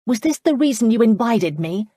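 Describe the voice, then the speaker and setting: A woman narrator voicing a spirited young American woman who speaks boldly and indignantly, higher and louder than her narration. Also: moderate pace, breathy edge, dry recording, clean studio sound, lightly acted. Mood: defiant. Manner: bold and indignant.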